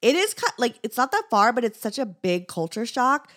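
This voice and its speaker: A woman's voice: on the high side, very animated, brisk, fairly bright tone. A woman co-hosting a podcast, chatting casually with many fillers and laughing often. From Southern California. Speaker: podcast co-host. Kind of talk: casual chat, reading a listener letter.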